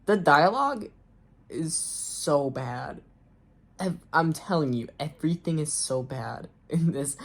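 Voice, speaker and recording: A low-voiced woman reads her own childhood story aloud, adding mocking commentary. She's sarcastic and animated but slow, often saying "um" and trailing off uncertainly.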